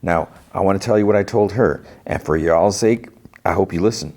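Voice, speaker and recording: A man quoting a blunt, folksy woman from the wasteland in a deep voice close to his own. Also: brisk, darkish tone. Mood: dismissive.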